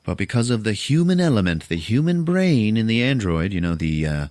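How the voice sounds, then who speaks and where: A man's voice: fairly low pitch, sing-song, fairly quick, darkish tone, no room sound, clean studio sound. A man hosting a podcast, casually recapping a movie in a loose, profane way. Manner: loose, profane, retelling with quoted voices. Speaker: podcast host.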